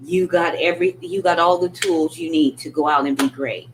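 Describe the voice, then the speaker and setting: Woman doing a motivational live talk, straight-talking, kinda low voice. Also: moderate pace, few pauses, noisy background. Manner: candid, emphatic, animated in quoted retorts. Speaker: motivational speaker.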